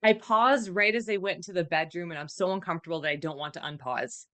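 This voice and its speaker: A woman co-hosting a podcast, reading her notes in an expressive, exasperated way. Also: lowish voice, fast talker. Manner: expressive, exasperated, animated asides. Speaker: podcast co-host.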